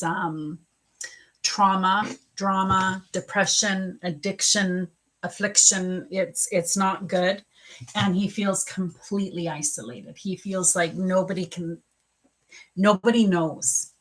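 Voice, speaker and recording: A woman's voice: fairly low pitch, steady tone, takes it slowly, a bit bright, low-quality recording. A woman psychic medium giving chatty live readings to viewers, teary and emotional at times. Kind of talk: casual live-stream reading.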